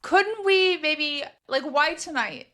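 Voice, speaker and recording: A woman's voice: sits high, slow pace, a bit bright. A woman co-hosting a book podcast, adding playful, joking asides in casual chat.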